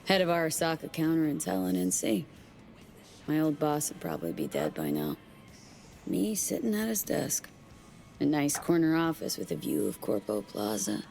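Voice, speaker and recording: A woman's voice: low-pitched, huge pitch swings, moderate pace, gravelly, a little mellow, a little hiss or hum, heavily acted. A woman voicing a self-assured female former corporate agent in video game dialogue, speaking in a cool, musing, confident way.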